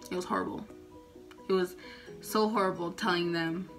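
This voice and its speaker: A young woman telling a personal story in a casual vlog, halting and full of fillers. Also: on the low side. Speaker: vlogger. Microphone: phone.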